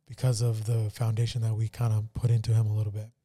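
A man co-hosting a podcast, telling a painful family story in a somber, halting way with many fillers. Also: fairly low pitch, monotone, mellow. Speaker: podcast co-host. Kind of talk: casual personal testimony.

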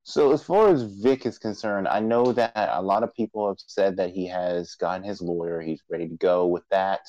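A man's voice: low-pitched, normal speed, mellow, no echo, lo-fi sound. Casual podcast co-host, male, theatrical preacher flair at times, dry close sound. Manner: mock-grand preacher-style intro, then loose chatty talk.

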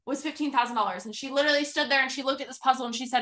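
A woman hosts a motivational podcast, telling a story to her listeners. Her voice sits high and sounds bright and forward. She talks in an animated, emphatic way, acting out the quoted dialogue and leaning on repetition for effect. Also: racing, hardly any pauses. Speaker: podcast host.

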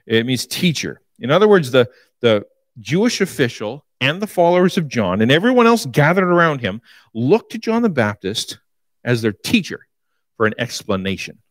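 A man preaching a sermon, retelling a scripture story in an animated, storytelling way. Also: mid-range voice, moderate pace, dry recording.

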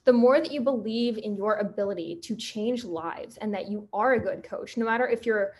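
A young woman in her twenties hosts a solo podcast and tells a personal story. She talks in an animated, chatty way and slips into other people's voices when she quotes them. Her voice sits in a middle pitch. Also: moderate pace. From Pennsylvania. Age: 20s. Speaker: podcast host and fitness coach.

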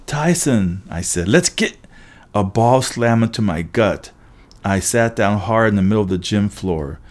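Man narrating a wry audiobook. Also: fairly low pitch. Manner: lively, wry storytelling with quick character voices. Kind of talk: first-person audiobook narration.

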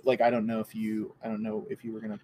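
A man's voice: fairly low pitch, monotone, fast talker, a little mellow, slight background noise. A man, a podcast guest, chatting casually with a loose, filler-heavy way of talking. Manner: loose, filler-heavy, keeps saying like and you know. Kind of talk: casual chat.

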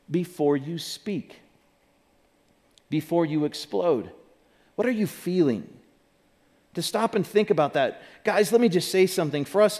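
Pastor, male, higher-pitched voice, relaxed conversational sermon delivery with questions to the congregation. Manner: conversational, asks the audience questions, demonstrates with props. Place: church stage.

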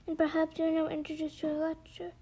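A woman voicing a weepy, sorrowful old male sea turtle in a storybook reading, with a mournful, sometimes hushed delivery. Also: very high voice, completely flat delivery, fast talker. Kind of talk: storybook read-aloud.

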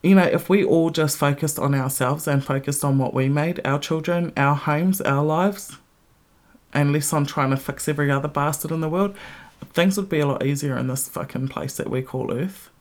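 A woman's voice: deep voice, normal speed. A middle-aged woman hosting a podcast, ranting bluntly with heavy swearing and strong emphasis. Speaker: podcast host. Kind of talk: casual ranting monologue.

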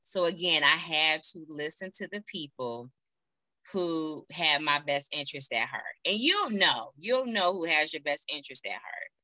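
A woman's voice: sits low, lively intonation, normal speed, sharp tone, dry recording, low-quality recording. A woman in her thirties telling a personal story as an interview guest on a video call, earnest and heartfelt, with many fillers.

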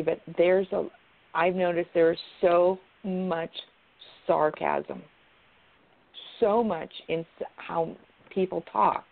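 A woman shares advice in an earnest, chatty way, circling back and restarting her thoughts. Her voice carries a gravelly fry. The sound is narrow and tinny, like a phone call. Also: mid-range voice. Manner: earnest, repeats herself, restarts sentences. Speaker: guest. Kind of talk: casual advice chat.

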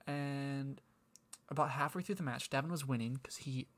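A man's voice: mid-range voice, normal speed. Male podcast host, loose rambling storyteller, casual banter with friends. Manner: rambling, self-interrupting storyteller. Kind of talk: casual chat.

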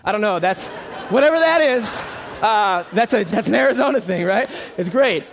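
A man's voice: high-pitched, moderate pace, gravelly, slight background noise. A young male pastor from Minnesota preaching a sermon from a church stage, in a joking, conversational way. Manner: jokey, conversational, lively.

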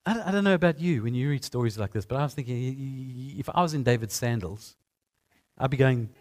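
Male pastor, sermon, emphatic, repeats key phrases, slightly high voice. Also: lively intonation, brisk.

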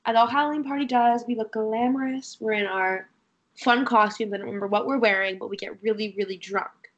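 A young woman in her twenties hosts a casual podcast with a friend. Her voice sits slightly high, and she tells stories animatedly, full of fillers and playful mock drama. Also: a little fast, dull audio. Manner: animated storyteller, lots of "like", mock infomercial tone. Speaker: podcast co-host. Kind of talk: casual chat, storytelling.

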